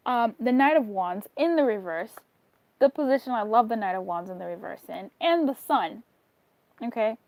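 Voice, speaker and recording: A woman's voice: a little high, animated, moderate pace, a little mellow, dry recording. A woman giving a casual tarot reading to camera, candid and chatty, swearing freely and giggling between thoughts. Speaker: tarot reader.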